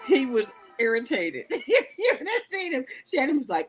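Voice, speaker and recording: High, lively woman selling jewelry live. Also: normal speed, hardly any pauses, husky. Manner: laughing, chatty, storytelling. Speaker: live shopping show host. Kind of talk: live jewelry sales chat.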